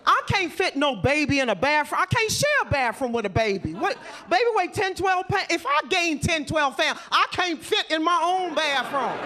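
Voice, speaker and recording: A woman doing a stand-up comedy set on a club stage, telling brash, animated stories with attitude. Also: sits high. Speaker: stand-up comic. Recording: live club with loud crowd laughter.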